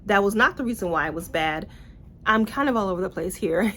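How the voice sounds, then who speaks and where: A young woman casually reviewing books in a vlog, blunt and animated, with swearing and playful asides. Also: mid-range voice, fairly quick, a little hiss or hum. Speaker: book reviewer.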